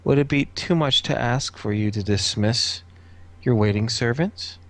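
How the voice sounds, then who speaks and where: A man voicing a careful, watchful courtier who speaks slowly and formally. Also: fairly low pitch, a bit bright. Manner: slow, formal and deliberate.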